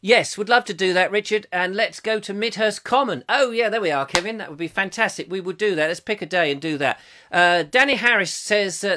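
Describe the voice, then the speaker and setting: A man hosts a comic chat show live on a webcam from home, rambling playfully and joking as he reads out viewer comments. His voice is bright and animated, and it swoops up and down all the time. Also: high-pitched, moderate pace. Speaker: host. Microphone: webcam, live stream.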